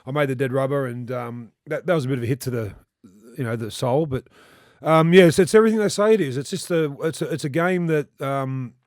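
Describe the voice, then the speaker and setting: An Australian man in his fifties, a former rugby league player, telling rambling, animated stories in casual chat and swearing freely. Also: mid-range voice, brisk, no echo, clean studio sound. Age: 50s.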